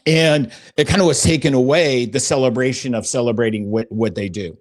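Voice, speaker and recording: A man's voice: medium pitch, a little fast. Earnest middle-aged man telling a story. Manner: earnest, emotional, rambling with fillers. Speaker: podcast host. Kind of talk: casual faith podcast storytelling.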